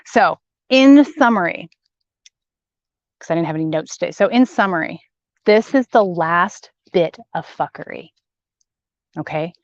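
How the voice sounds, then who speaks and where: A woman's voice: lowish voice, animated, a little slow, long pauses, no echo. A woman hosting a live spiritual broadcast, talking emphatically, repeating words and reading out viewer comments. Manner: chatty, warm-hearted, reads viewer comments aloud. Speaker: spiritual channeler and host. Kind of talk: live-streamed spiritual message. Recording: dull lo-fi stream audio.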